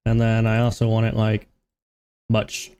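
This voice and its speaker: A man's voice: fairly low pitch, completely flat delivery, unhurried, mellow, clear, resonant tone. A man streaming a game live, chatting casually, joking, swearing and laughing at himself.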